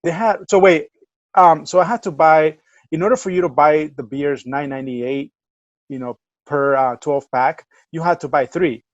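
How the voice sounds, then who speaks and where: A man's voice: a little high, moderate pace, dry recording, dull audio. A man co-hosting a casual remote podcast, telling a rambling story full of fillers and restarts. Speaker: podcast co-host. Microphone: remote call mic.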